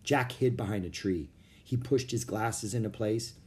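A man narrating a children's storybook with an expressive reading. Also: fairly low pitch, moderate pace, a little hiss or hum.

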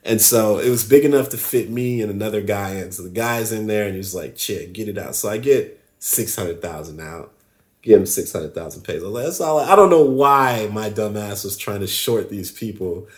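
A man telling a story as a podcast guest, animated and loose, acting out the other people's voices and laughing often. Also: fairly low pitch, moderate pace. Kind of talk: casual storytelling.

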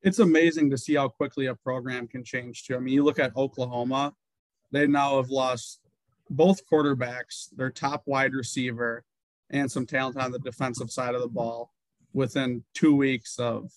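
A man co-hosting a sports podcast, giving measured, reasoned takes in casual chat. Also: mid-range voice, steady tone, dry recording, low-quality recording. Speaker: podcast co-host.

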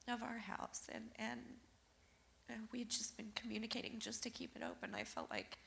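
A woman in a church sanctuary giving a personal testimony while crying, halting and apologetic. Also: medium pitch, vocal fry, a bit bright.

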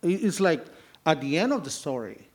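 A man in a casual discussion, explaining in a lively, expressive way. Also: on the high side, normal speed.

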